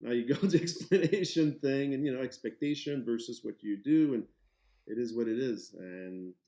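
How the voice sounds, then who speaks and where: A man in his forties, a former hockey player, answering interview questions in a relaxed, shrugging way. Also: mid-range voice, moderate pace. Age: 40s. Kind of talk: casual interview. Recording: roomy echo.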